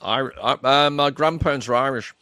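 A man's voice: medium pitch, moderate pace, bright, forceful tone, clean tone, dry recording. Teasing man with a dry close voice. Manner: teasing, needling. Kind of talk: casual chat.

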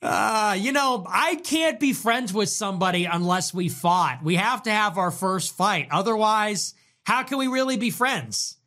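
A man hosting a livestream, reacting to chat messages in a sarcastic, mocking way with quick swings in tone. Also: sits high, lively intonation, sharp tone. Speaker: livestream host.

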